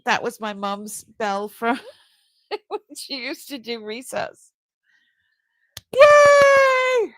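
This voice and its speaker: Older lady running a live jewelry sale, chatty and warm, talks real slow. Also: on the high side, dry recording. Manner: chatty and warm-hearted, easily moved. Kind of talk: casual live-stream sales chat.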